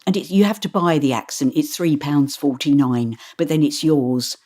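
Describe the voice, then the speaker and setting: A woman, an audiobook narrator answering interview questions in an animated way, often restarting her sentences. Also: deep voice, normal speed. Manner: animated, stumbles and restarts while telling stories.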